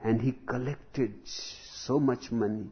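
Slow, deliberate man lecturing. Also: mid-range voice, steady tone. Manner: slow, deliberate, emphatic delivery with long pauses. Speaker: spiritual teacher. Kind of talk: spiritual discourse with jokes. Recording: dull lo-fi recording.

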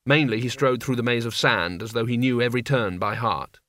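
Measured male audiobook narrator. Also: mid-range voice, a bit bright, no echo, clean studio sound. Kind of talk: scripted narration.

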